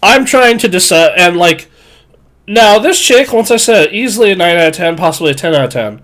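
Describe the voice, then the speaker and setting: A man's voice: high voice, lively intonation, brisk, a bit bright. A man in his twenties telling a crude, self-mocking story on a live stream, full of fillers and rambling asides.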